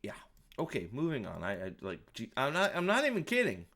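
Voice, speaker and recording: This man reviews a show by talking over it casually and sarcastically, making fun of scenes and swearing a lot. His medium-pitched voice is a bit bright, moves briskly, and swings hugely in pitch.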